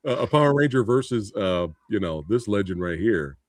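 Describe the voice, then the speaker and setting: A man's voice: lowish voice, animated, fairly quick, no echo, clean studio sound. A man hosting a casual podcast chat, joking and laughing often. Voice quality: laughs often, jokey, throws in a mock English accent. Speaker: podcast host.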